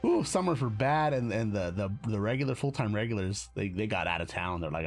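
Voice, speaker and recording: A man's voice: on the low side, lively intonation, moderate pace, soft background music. A man from the United States hosting a live stream, chatting casually in a rambling, self-correcting way with frequent chuckles. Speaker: streamer host.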